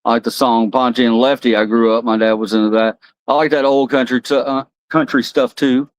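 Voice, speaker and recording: A man's voice: mid-range voice, fairly even intonation, fairly quick, no room sound, rough recording. Man, American accent, livestream host, loose rambling chat, dry sound. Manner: rambling, loose and chatty, talks to viewers by name. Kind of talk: casual chat with chat readers.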